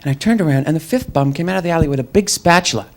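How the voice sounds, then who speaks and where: High-voiced young male stand-up comic. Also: very fast, very noisy. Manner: wry, mocking, slips into quoted voices. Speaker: stand-up comedian. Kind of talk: stand-up comedy set. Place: comedy club stage with live audience.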